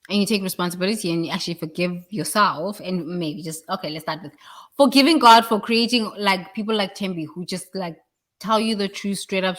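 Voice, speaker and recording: A woman's voice: lowish voice, fairly bright tone. A woman giving a blunt, preachy motivational talk about work and responsibility, swearing freely. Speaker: leadership speaker.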